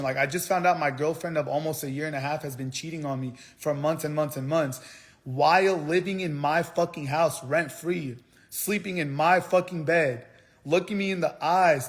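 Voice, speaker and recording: A young man rants to his viewers on a live stream, his voice sitting a little high for a man. He rambles through the story in heated bursts, swearing and restarting his sentences as he goes. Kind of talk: angry livestream rant. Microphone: phone.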